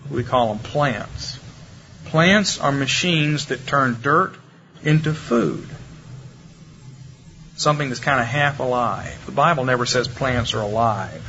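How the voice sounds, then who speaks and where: A man giving a sermon-style lecture, demonstrative, shifting his pace and loudness to make points. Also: mid-range voice, a little hiss or hum. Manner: demonstrative, lively delivery with varied pace and loudness. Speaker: preacher. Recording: muffled lo-fi recording with faint ambience.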